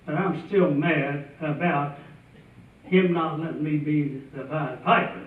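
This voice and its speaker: High-voiced folksy storyteller. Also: male voice, steady tone, slow. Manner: folksy, chuckling delivery. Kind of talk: tall tale storytelling. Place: festival stage before an audience. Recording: tinny, distant, echoey hall sound.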